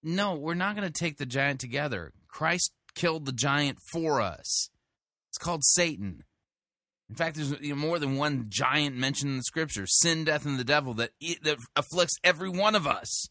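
A man hosting a show who critiques a sermon in an emphatic, deliberate way. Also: fairly high pitch, lively intonation, sharp tone, dry recording, studio quality. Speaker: host reviewing a sermon. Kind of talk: podcast commentary.

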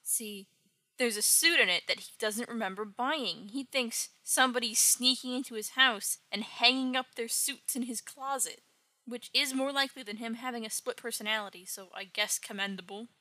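A woman's voice: fairly high pitch, moderate pace, pushed and bright, no room sound. Wry woman recapping a comic. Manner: wry, joking asides.

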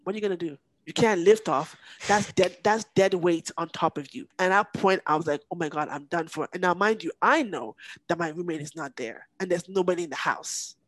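A woman, a podcast guest telling a painful personal story in an intense, halting way that sometimes breaks off with emotion. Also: on the low side, dry recording, poor audio. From Nigeria.

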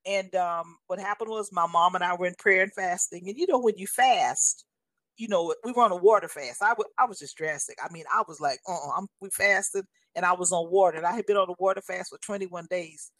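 A guest in her sixties gives her faith testimony in an earnest storytelling manner, often relaying things others told her. She speaks briskly in a lower, slightly bright voice, with no echo in the recording.

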